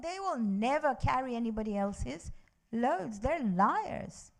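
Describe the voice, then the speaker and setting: Gravelly-voiced woman teaching a religious class. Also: sits high, big pitch swings, moderate pace. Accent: British English. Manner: storytelling, mixes English with recited Arabic verses. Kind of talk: lecturing with Quran recitation. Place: mosque classroom.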